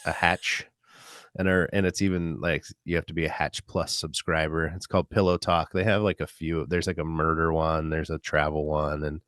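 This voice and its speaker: Deep-voiced comedian guy rambling on a podcast, dry close sound. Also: little pitch movement, moderate pace, a bit bright, no room sound. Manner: rambling, lots of filler words. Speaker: comedian guest. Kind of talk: casual podcast chat.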